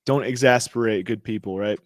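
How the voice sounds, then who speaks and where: A man's voice: fairly low pitch, brisk, no room sound, studio quality. A man co-hosting a casual podcast, reading news aloud with slangy jokes and cheerfully stumbling over his words. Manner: joking, slangy, trips over words and laughs it off. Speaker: podcast co-host.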